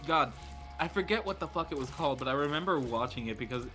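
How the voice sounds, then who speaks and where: Bright-voiced man telling stories. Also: on the high side, expressive, fast, faint music behind. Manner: storytelling, casual swearing. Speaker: stream guest. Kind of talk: casual chat.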